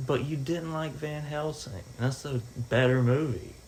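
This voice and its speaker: A man's voice: a little high, a little slow, a little mellow, rough recording. A young man co-hosting a casual podcast, teasing and needling his friend. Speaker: podcast co-host. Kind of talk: casual chat.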